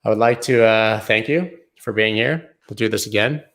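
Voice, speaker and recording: A man with a low, gravelly voice and a bright edge hosts a loose, jokey livestream. He riffs on viewer comments in a casual, offhand way. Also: normal speed. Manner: joking, riffing, answering viewer comments. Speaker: host.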